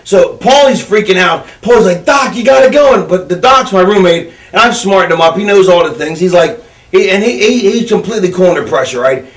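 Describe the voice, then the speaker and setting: A man's voice: sits high, expressive, brisk, roomy sound, far from the mic. A man telling a long story in casual chat, rambling and profane, often acting out what others said. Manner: rambling, profane, acts out quoted voices. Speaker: podcast co-host.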